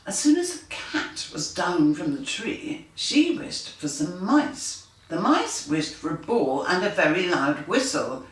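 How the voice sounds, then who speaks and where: A woman's voice: fairly low pitch, distant mic. A woman reading her picture book aloud to children, with playful sound effects and character voices. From United Kingdom. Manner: slow, animated, doing lively animal and machine noises. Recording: echoey room, voice from off the mic.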